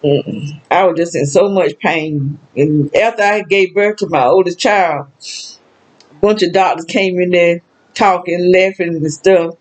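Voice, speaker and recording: A woman's voice: on the low side, measured pace, rough recording. Sad older Southern woman rambling. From American South. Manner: rambling, emotional, with frequent laughs and exclamations. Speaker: vlogger. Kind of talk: casual personal monologue.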